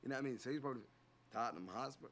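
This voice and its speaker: A man's voice: medium pitch, little pitch movement, rapid-fire. A man giving rambling, blunt commentary on the contestants. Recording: noisy background.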